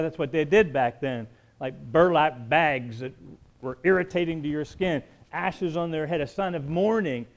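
A man with a slightly high voice preaches as a pastor, giving a conversational sermon full of joking asides. He moves between quiet talk and emphatic build-ups.

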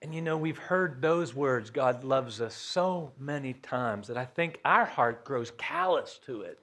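A man preaching a sermon as pastor, folksy, questioning his congregation and rising to loud emphasis. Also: mid-range voice, animated, measured pace.

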